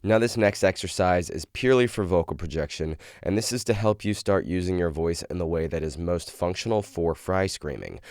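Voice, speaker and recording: A man's voice: sits low, brisk, hardly any pauses, a little mellow, no room sound, studio quality. A young man teaching vocal technique, explaining and demonstrating exercises in an instructional video. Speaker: vocal coach.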